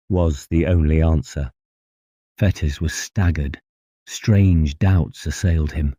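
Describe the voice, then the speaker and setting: A man narrating a classic horror story in a slow, grave, deliberate way. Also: very deep voice, warm tone, no echo, clean studio sound. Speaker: audiobook narrator.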